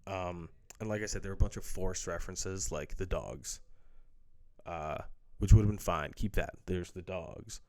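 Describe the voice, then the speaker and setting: Male movie reviewer, low voice, casual and profane, loose and filler-heavy. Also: normal speed, mellow. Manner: blunt, profane, full of fillers. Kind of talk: casual ranting film review.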